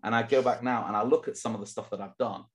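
A man's voice: mid-range voice, fairly even intonation, fast talker. A middle-aged man with an English accent, hosting an interview podcast in a chatty, self-deprecating way. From England. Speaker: podcast host. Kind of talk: casual interview chat.

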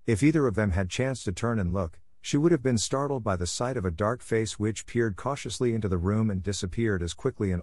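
A man reading a classic novel aloud in steady, measured audiobook narration. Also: lowish voice, no echo, studio quality.

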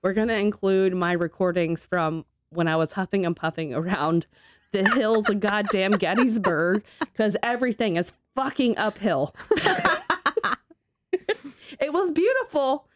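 A woman's voice: medium pitch, animated, measured pace, slight background noise. A woman co-hosting a casual podcast chat, laughing often and swearing casually as she tells a ghost story. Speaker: podcast co-host.

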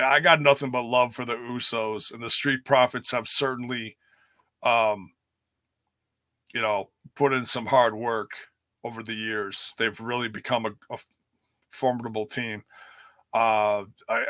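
A man's voice: mid-range voice, pushed and bright, no echo, studio quality. A man giving a candid, rambling recap of a wrestling event in casual chat, speaking casually and swearing now and then. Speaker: wrestling commentator.

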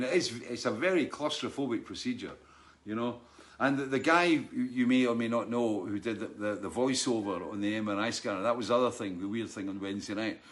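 A man hosting a live show, chatting casually with many restarts and frequent laughs as he greets viewers by name. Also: lowish voice. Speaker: host of a live online show. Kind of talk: casual chat reading out viewer names.

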